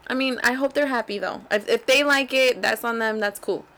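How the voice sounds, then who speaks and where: A woman co-hosting a casual chat, telling animated stories and laughing often. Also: fairly high pitch, brisk.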